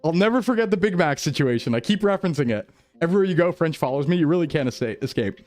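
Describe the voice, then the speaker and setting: A man's voice: on the high side, animated, quick pace, darkish tone, soft background music. A man streaming, chatting casually with his viewers and laughing often. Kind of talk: casual chat reading chat.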